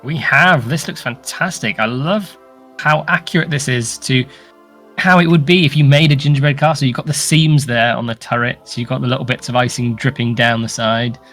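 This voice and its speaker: A man's voice: medium pitch, steady tone, moderate pace, a bit bright, soft background music. A man co-hosting a casual showcase, chatting enthusiastically and laughing easily. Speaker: co-host. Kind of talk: casual chat commentary on contest entries.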